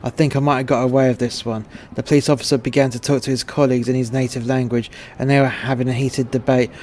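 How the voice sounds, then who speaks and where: Brief: English male narrator, crude and blunt, steady monotone delivery. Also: mid-range voice, quick pace, a little hiss or hum. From England. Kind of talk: scripted narration of a short story.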